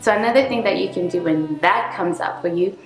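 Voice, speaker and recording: A woman's voice: lowish voice, a little fast, soft background music. A woman vlogger talking casually about self-help and spirituality, acting out the inner dialogue she has with herself. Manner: reflective, acts out her inner dialogue. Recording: echoey room.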